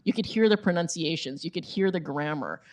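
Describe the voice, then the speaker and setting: A woman's voice: sits low, brisk. A middle-aged woman, an author, giving a chatty talk to a bookstore audience, with many fillers and emphatic repetition. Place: bookstore event space.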